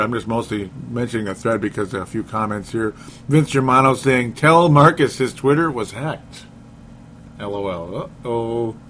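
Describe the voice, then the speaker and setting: A man's voice: medium pitch, fairly bright tone, a little hiss or hum. A man hosting a casual sports podcast. He reads listener comments aloud and laughs often. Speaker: podcast host.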